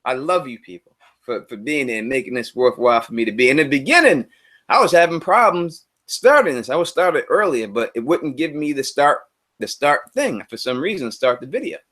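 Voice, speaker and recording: A man hosting a casual live stream, talking loosely in slang and repeating himself, his voice swinging between loud and quiet. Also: mid-range voice, lively intonation, fairly quick. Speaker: livestream host.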